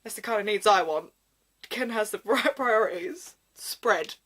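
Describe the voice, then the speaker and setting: A woman's voice: medium pitch, animated, unhurried, a bit bright, soft background music. A young woman reading fan fiction aloud and breaking off with sarcastic, crude jokes. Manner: sarcastic, giggly, crude asides. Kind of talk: comedic reading with commentary.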